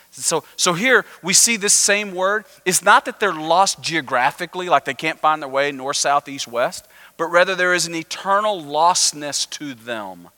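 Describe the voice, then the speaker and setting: A male pastor preaching a sermon, animated and acting out the voices of the listeners in the story. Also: on the high side.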